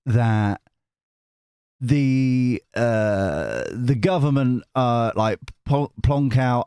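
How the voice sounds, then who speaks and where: Chatty British man with lively pitch. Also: dry recording, clean studio sound. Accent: British English. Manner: chatty, jokey, self-interrupting and digressive. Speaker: tarot reader and channel host. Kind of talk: casual rambling chat to viewers.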